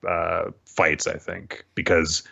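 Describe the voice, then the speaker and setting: A man's voice: sits low, level tone, slow pace, gravelly, sharp tone, husky. A young man co-hosting a casual manga recap, making wry, jokey asides. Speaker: podcast co-host. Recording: slightly dull lo-fi audio.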